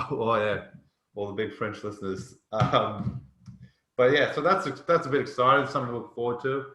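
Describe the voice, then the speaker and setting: A man's voice: mid-range voice, steady tone, normal speed, bright, forceful tone, reverberant. A man with an Australian accent, co-hosting a podcast in casual, blunt and opinionated banter. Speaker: podcast co-host. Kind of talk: casual chat.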